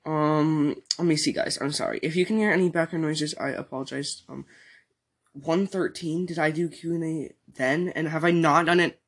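Young guy reading listener comments on his podcast, kinda high voice, sore throat, rambles a lot. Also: steady tone, moderate pace, a bit bright. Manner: rambling, many fillers and restarts. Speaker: podcast host.

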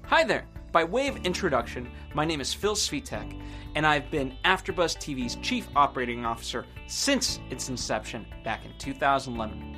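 A man's voice: medium pitch, big pitch swings, normal speed, bright, forceful tone, soft background music. A man hosting a podcast, delivering an earnest, reflective scripted monologue. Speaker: podcast host.

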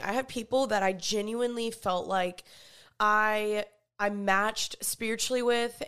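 A woman's voice: medium pitch, smooth. A young woman from Texas, talking to her viewers in a casual, earnest vlog chat, with lots of "like" fillers. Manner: chatty, earnest, full of "like" fillers. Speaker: vlogger.

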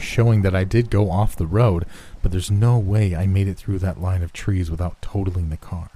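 A man reading a first-person horror story in a measured, dramatic storytelling manner. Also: low voice, warm tone. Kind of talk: scripted horror narration.

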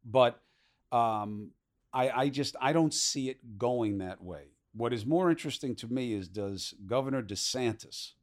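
A man hosting a podcast interview, talking in a quick, conversational way with many fillers. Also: medium pitch. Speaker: podcast host.

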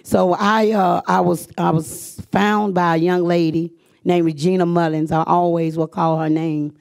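A woman's voice: on the low side, level tone, measured pace, creaky, a little mellow. A middle-aged woman, telling her own life story to a live audience in an earnest, emphatic way, repeating phrases for weight.

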